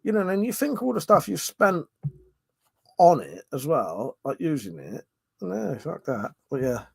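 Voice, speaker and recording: A man's voice: a little high, huge pitch swings, measured pace, gravelly, husky. A man hosting a casual live stream, reading out viewer comments in a rambling, sweary, jokey way, yawning and short of breath.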